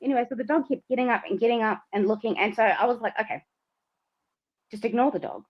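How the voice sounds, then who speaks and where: A woman co-hosting a livestream tells a story animatedly, acting out quotes and laughing often. Her voice is on the high side and fast, picked up by a livestream mic with slightly dull lo-fi sound.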